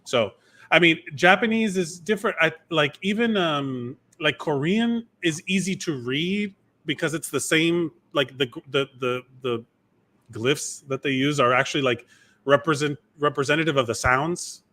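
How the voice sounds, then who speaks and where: Man, bright tone, slightly high voice, rambling casual podcast chat. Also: moderate pace. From Miami, USA. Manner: rambling, lots of fillers and restarts. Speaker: podcast co-host.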